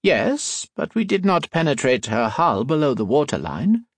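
Guy doing a stern lady sub captain, higher voice, slight odd accent, formal, lively ups and downs. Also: husky, dry recording. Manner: formal, measured and authoritative. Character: stern commanding female submarine captain.

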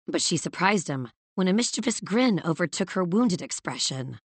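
A woman narrating an audiobook in a measured, even storytelling manner. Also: fairly low pitch, slightly rough, dry recording. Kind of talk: scripted narration.

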